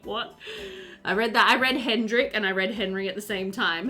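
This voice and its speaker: A woman's voice: medium pitch, normal speed, sharp tone, soft background music. A young woman streamer chatting casually with her viewers, reading their messages aloud and laughing often. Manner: giggly, chatty, reads chat aloud. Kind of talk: casual chat with live chat.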